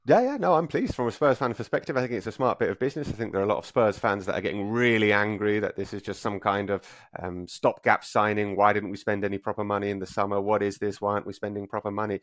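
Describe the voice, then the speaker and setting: A football podcast co-host with a lowish male voice, recorded dry and close. He tells stories with energy, circling back with "uh" and restarts as he goes. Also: fast talker, few pauses, no echo. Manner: lively storytelling, frequent "uh" and restarts. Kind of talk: casual football podcast chat.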